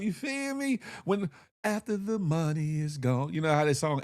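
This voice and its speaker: A man's voice: on the high side, moderate pace. A man hosting a morning show, riffing in casual commentary with slang, frequent laughs and sung snippets. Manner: animated, slangy, laughs often, sings snippets.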